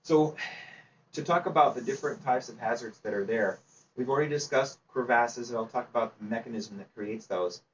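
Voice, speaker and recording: A man's voice: mid-range voice, fairly quick. A man giving an informal slide presentation at a club seminar, chatty and quizzing his audience. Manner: chatty, asks the audience questions, laughs easily. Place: meeting room. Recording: distant, dull, faint background noise.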